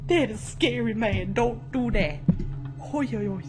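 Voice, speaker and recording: A young woman commenting excitedly on a game she plays, gasping and reacting dramatically, with game music behind her. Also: a little high, measured pace. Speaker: let's play gamer.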